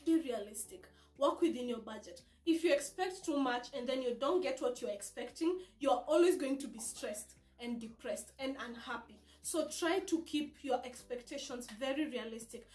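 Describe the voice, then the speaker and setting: A woman's voice: high voice, animated, moderate pace, few pauses, darkish tone. A woman hosting a support group talk, giving earnest, direct advice to new mothers and coaxing them along with tag questions. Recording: echoey room with faint music.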